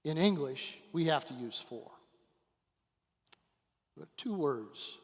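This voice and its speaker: Slow-preaching man in a reverberant church. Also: a little high, lively intonation, slightly rough. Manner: dramatic storytelling with long pauses and swings in volume. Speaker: guest pastor. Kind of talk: sermon. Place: church sanctuary. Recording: church hall with long reverb.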